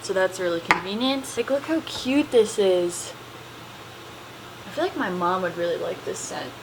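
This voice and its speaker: A woman's voice: medium pitch, animated, normal speed, noisy background, lightly acted. A woman vlogger unboxing a package on camera while playfully talking in a put-on accent, filmed on a handheld camera. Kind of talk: casual vlog chat, unboxing.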